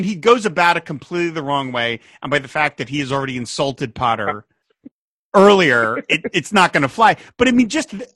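A man with a slightly high, bright voice chats casually as a co-host. He is animated, laughing often and quoting lines as he goes. His voice sits close and dry. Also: dry recording. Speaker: podcast co-host. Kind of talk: casual chat recapping a TV episode.

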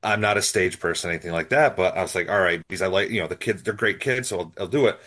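A man's voice: sits low, quick pace, sharp tone. A man co-hosting a podcast, reflecting thoughtfully on a TV episode in casual conversation. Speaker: podcast co-host. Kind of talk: casual chat.

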